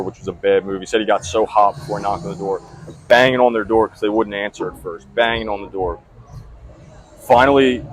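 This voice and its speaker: A man's voice: lowish voice, low-quality recording. A young man telling a rambling, profane story in casual podcast chat. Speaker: podcast host.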